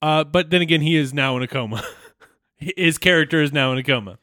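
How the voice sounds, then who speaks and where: On a podcast, a male co-host recaps a cartoon episode in casual chat, agreeable and chuckling with loose fillers. His voice is a little high, bright and forceful and a little fast, recorded dry at studio quality.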